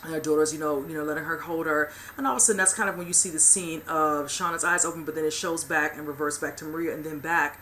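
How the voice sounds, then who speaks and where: A woman's voice: low voice, fairly even intonation, quick pace, few pauses, bright, forceful tone, slight background noise. A woman hosting a casual TV episode recap, rambling along with lots of "you know" fillers. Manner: rambling retelling full of "you know" and "whichever". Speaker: host of a TV recap channel.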